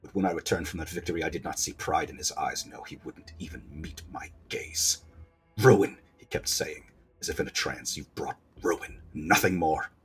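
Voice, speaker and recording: A man voicing a wounded, bitter young prince in a video game, speaking low and hushed. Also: moderate pace, breathy edge, soft background music, full character voice. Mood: dark.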